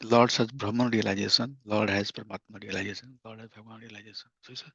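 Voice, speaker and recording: A man's voice: on the low side, steady tone, quick pace, gravelly, hardly any pauses, pushed and bright, slightly rough, no room sound. A man giving a scripture class in an earnest teaching tone, often repeating key phrases. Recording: dull lo-fi dry recording.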